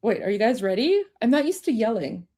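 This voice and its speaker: A woman's voice: on the high side, sing-song, brisk, mellow, low-quality recording. A woman co-hosting a political livestream in a chatty manner, talking straight to the chat and correcting herself as she goes.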